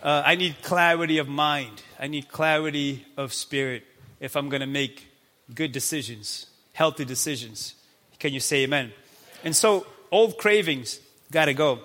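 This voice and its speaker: High, bright-voiced energetic preacher man. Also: normal speed. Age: 30s. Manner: energetic, playful, acts out God's voice. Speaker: pastor. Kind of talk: sermon. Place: church sanctuary. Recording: long hall reverb.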